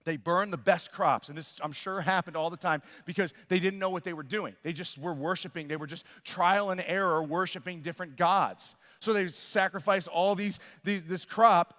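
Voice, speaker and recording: A man in his thirties preaching a sermon, telling a family story with lively acted-out voices and sudden loud exclamations. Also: sits high. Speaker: pastor. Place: church sanctuary. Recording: long reverb of a large church hall.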